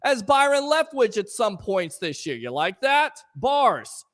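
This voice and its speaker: A man hosting a live call-in sports talk show, ranting in a fired-up, sarcastic way and shouting at times. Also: very high-pitched, very animated, a little slow. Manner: sarcastic, scolding critics.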